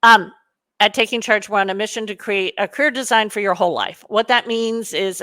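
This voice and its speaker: A middle-aged woman speaking as a career coach in a chatty, animated webinar style. Her voice sits at a mid pitch and she talks to her audience with plenty of ums and uhs. The recording is dry, with almost no room sound. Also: no room sound.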